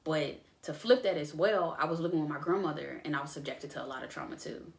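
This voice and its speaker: Woman host, low-pitched, halting emotional storytelling, roomy echo. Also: gravelly. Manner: emotional, halting, with many restarts and fillers. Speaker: podcast host. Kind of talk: personal storytelling monologue.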